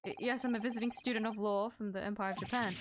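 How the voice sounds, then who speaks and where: A woman's voice: medium pitch, steady tone, fast, background noise, natural voice. Nervous, polite young law student, read by a woman playing a game; hesitant and stammering. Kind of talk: game dialogue read aloud.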